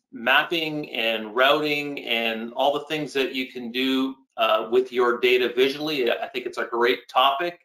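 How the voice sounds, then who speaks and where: Bright-voiced enthusiastic male webinar host. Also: medium pitch, reverberant, poor audio. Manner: upbeat, enthusiastic. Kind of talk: webinar presenting.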